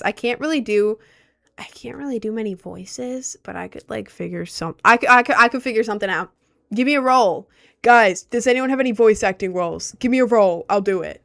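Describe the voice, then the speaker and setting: A young woman streamer whose natural voice sits on the low side, chatting casually and reacting aloud to her chat. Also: fairly bright tone. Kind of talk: casual livestream chat reading comments.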